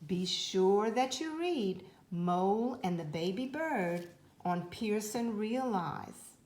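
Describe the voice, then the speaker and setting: A woman teaching a phonics lesson to young children, speaking slowly and clearly in an encouraging way. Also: mid-range voice, animated, a little mellow. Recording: roomy echo.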